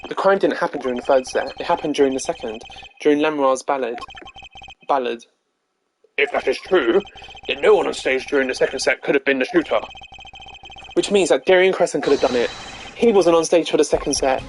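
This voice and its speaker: A man doing a suave, hoarse young prosecutor. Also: mid-range voice, brisk, long pauses, a little hiss or hum, natural voice. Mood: assured. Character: smooth, confident young male prosecutor rock star.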